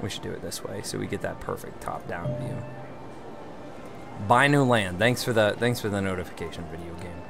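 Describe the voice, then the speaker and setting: A man's voice: low voice, a little fast, vocal fry, music in the background. A man hosting a game livestream, reading viewer chat aloud and answering it in a wry, chatty way, one beer in and a little tipsy. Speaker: livestream gamer host.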